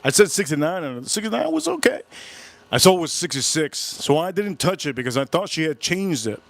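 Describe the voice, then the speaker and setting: Live host, male, slightly high voice, retelling a creepy experience in an animated, repetitive way. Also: fairly quick, gravelly, no echo. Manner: animated, repetitive, keeps breaking off about goosebumps. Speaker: whiskey channel host. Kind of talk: casual livestream storytelling. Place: home, live stream.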